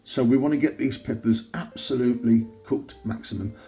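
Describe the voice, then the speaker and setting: A man's voice: medium pitch, brisk. A man hosting his own cooking show, chatting cheerfully as he walks through each step of a recipe. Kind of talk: cooking demonstration. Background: soft guitar music.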